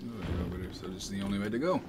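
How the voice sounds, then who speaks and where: A man's voice: lowish voice, rapid-fire, over loud music. A man commenting on a horror game as he plays, in a playful, jokey manner. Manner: playful, puts on mock accents. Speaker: let's play streamer. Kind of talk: gameplay commentary.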